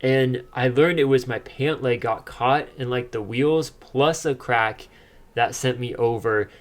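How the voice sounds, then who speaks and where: A man's voice: medium pitch, unhurried. A young man, a podcast co-host, telling a personal story in casual chat, laughing often as he talks.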